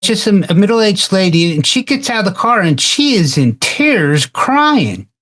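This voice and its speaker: A man in a casual roundtable discussion, telling a story in a halting way and often repeating words. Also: high voice, big pitch swings, a bit bright. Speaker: roundtable participant.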